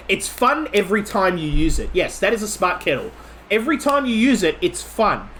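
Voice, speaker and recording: An Australian man from Melbourne rambles through a casual stream chat, his voice sitting a little high. He restarts his sentences and leans on "like" as he talks. A faint hiss of ambient noise stays under him. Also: very animated, fast, a bit bright. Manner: rambling, chatty, full of "like" and restarts. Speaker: game streamer host.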